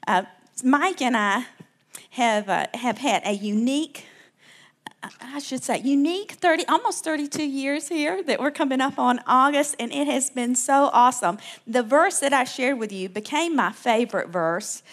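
A woman's voice: sits high, moderate pace. A woman in her fifties with a South Alabama accent, telling personal stories to a church crowd in a chatty way. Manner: warm, chatty, with frequent restarts. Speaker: guest speaker.

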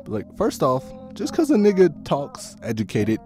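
A man's voice: a little high, normal speed, soft background music. A man hosting a podcast, delivering a casual, profane comedic rant full of laughs. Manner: animated, profane, laughing storytelling. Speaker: podcast host.

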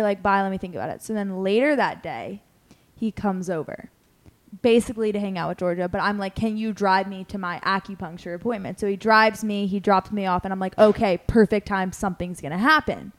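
A young woman hosting a podcast, telling a story in casual chat, animated and full of "like" fillers as she acts out what people said. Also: medium pitch, brisk. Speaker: podcast host.

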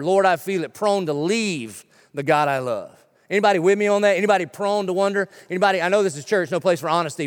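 A middle-aged male pastor preaching a sermon in a church, joking and punchy, firing off quick lists. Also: high voice, long reverb tail. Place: church sanctuary.

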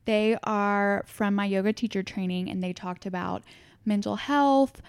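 A woman's voice: medium pitch, steady tone, a little slow, clear, resonant tone, no room sound. A young woman co-hosting a podcast, chatting casually in a friendly way and asking her co-host questions. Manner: friendly, asks questions, reads the intro. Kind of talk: casual chat.

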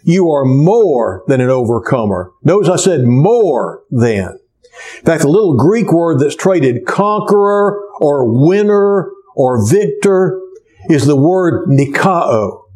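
A man's voice: on the high side, a little mellow. A man preaching a sermon to a church congregation, with an emphatic cadence that rises and falls.

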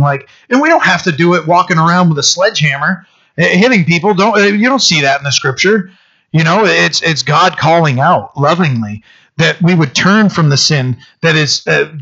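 A man's voice: a little high, sharp tone, highs cut off. A man preaching a sermon as a pastor, in a conversational way with frequent restarts and fillers.

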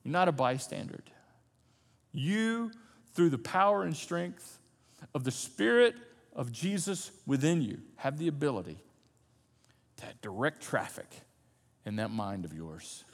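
A man preaching a sermon as pastor, animated, swinging from loud emphasis to soft, low asides. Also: measured pace, creaky, long pauses, big-room sound. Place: church sanctuary.

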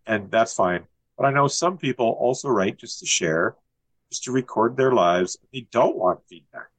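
A relaxed, thoughtful man speaks at a middling pitch, in a steady, unhurried cadence. The sound is close and dry, with no room around it. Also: no echo. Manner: relaxed, thoughtful, reads his poem in a steady list-like cadence. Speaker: guest poet. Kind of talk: conversational interview with a poetry reading.

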